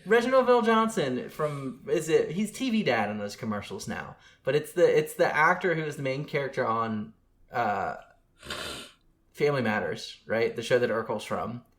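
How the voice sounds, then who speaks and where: Guy cohosting a chatty podcast, mid pitch, rambly and excitable, keeps restarting. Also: normal speed. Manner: rambling, restarts sentences, enthusiastic. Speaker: podcast co-host. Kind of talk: casual chat.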